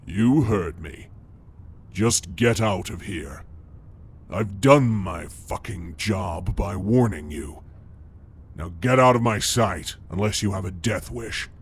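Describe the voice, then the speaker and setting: A man voicing a huge menacing silver-furred beast that speaks slowly in a deep, growling, contemptuous voice. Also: expressive, slightly rough, full character voice.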